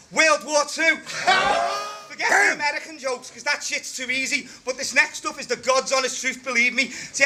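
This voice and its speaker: A young man with a Scouse accent performing at a live rap battle, delivering loud, brash, mocking insults. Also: extremely high pitch. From Liverpool, England. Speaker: battle rapper. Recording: noisy live event recording.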